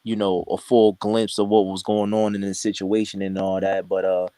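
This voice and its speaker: A man's voice: low-pitched, little pitch movement, moderate pace, dark tone, dry recording, studio quality. A man on an online panel, laid-back and slangy. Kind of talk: casual panel chat.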